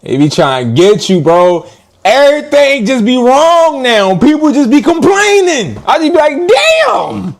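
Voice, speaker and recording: A man ranting casually to his live stream viewers in an animated, slangy way, often laughing. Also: very high voice, normal speed, gravelly.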